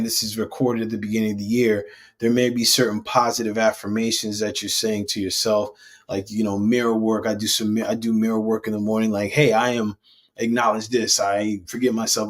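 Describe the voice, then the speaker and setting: A man hosting a spiritual self-help live stream, talking casually and rambling, with frequent restarts. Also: fairly low pitch. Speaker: host.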